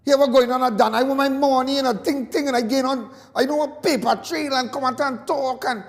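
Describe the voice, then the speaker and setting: A man's voice: extremely high pitch, fairly even intonation, fairly quick, vocal fry, big-room sound. A Trinidadian man calling in to a talk show, ranting with passion and repeating his points indignantly. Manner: impassioned, repetitive, indignant. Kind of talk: call-in talk radio rant.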